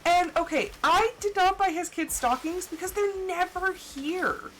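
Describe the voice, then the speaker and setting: Woman streamer, high voice, chatty and loose, faint game sounds underneath. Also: measured pace, a little hiss or hum. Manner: chatty, storytelling with laughs and animated quoted voices. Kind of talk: casual live-stream chat.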